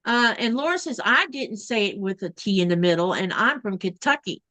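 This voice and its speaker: A woman's voice: medium pitch, animated, a little fast, sharp tone. A woman with a Southern US accent hosting a casual livestream, chatting and reading viewer comments aloud. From American South. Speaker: livestream host.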